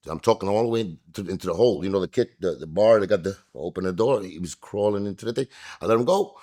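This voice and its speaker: A husky, fairly low-voiced man tells a story in a sit-down interview. His pitch swings widely as he acts out the voices of the people in it, jumping high and loud for the quotes. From New York. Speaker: interview guest. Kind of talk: animated storytelling.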